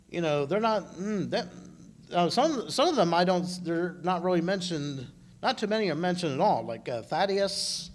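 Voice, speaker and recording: A man giving an informal sermon at a church service, talking in a halting way with frequent restarts. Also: on the high side, slight background noise. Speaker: church speaker. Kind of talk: conversational sermon. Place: church service, live broadcast.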